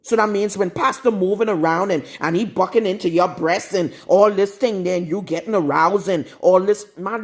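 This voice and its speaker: A woman's voice: mid-range voice, moderate pace, hardly any pauses. A woman preaching a live-streamed sermon in a blunt, scolding, confrontational manner. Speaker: prophetess.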